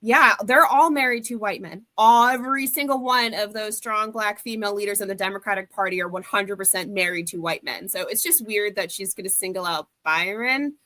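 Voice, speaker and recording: A woman's voice: mid-range voice, brisk, hardly any pauses, sharp tone, dry recording. A woman giving her opinions in a casual panel discussion, talking freely with many "like" fillers. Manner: opinionated, filler-heavy with frequent "like". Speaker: panel guest.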